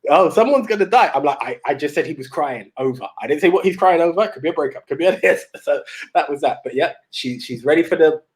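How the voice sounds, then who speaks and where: A young man co-hosting a podcast, telling stories in a rambling, animated way with many restarts. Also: a little high, fast. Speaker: podcast co-host. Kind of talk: casual chat.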